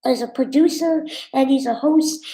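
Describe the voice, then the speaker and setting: A woman's voice: high-pitched, normal speed, mellow, roomy sound, rough recording. A woman streamer telling a story and reading viewer comments in a blunt, sassy, candid way. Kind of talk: casual livestream storytelling.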